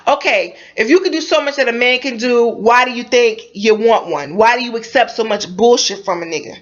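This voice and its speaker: A woman's voice: on the high side, animated, quick pace, hardly any pauses. A young woman vlogger giving a heated, preachy opinion monologue, blunt, with cursing and many rhetorical questions. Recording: slightly dull lo-fi sound.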